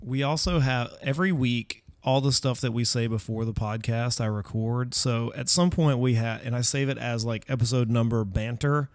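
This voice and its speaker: Gravelly-voiced male podcast co-host. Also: mid-range voice, dry recording. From US Northeast. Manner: halting, self-correcting, laughs often. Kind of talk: casual podcast banter. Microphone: studio mic, live stream.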